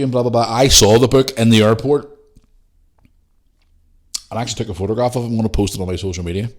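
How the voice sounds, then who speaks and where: A man's voice: medium pitch, fairly even intonation, a little fast, pauses often. A man with a Northern Irish accent hosting a solo podcast, ranting bluntly and swearing freely. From Northern Ireland. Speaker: podcast host.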